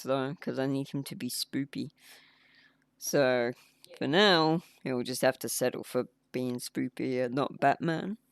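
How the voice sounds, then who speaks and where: Indie dev man on a livestream: chatty, self-mocking, clear voice, dry sound. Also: medium pitch, dry recording. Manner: rambling, chatty, laughs at himself. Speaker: indie game developer streaming. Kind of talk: casual livestream chat.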